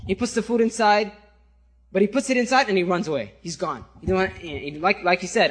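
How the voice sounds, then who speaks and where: Man, preacher, sermon storytelling, high-pitched, husky, conversational. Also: a little fast. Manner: animated, conversational, checks in with listeners.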